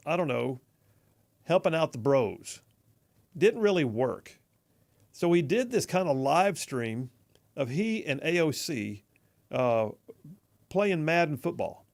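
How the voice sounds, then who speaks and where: A male talk radio host, chatting casually, reading listener texts aloud and chuckling as he goes. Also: on the high side. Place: radio studio.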